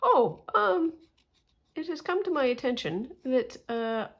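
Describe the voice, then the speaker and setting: A woman's voice: high voice, very animated, slow pace, fairly bright tone. A woman with a Canadian accent talks to her viewers in a loose, rambling way, filling the gaps with little ums and restarts. She comes across as self-deprecating and easygoing while she works on her crafts. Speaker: crafting vlogger. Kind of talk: casual chat while drawing.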